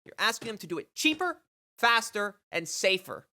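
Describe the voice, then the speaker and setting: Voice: medium pitch, sing-song, moderate pace, sharp tone. A streamer giving live commentary on news reporting, reading passages aloud and reacting with sarcastic, profane rants.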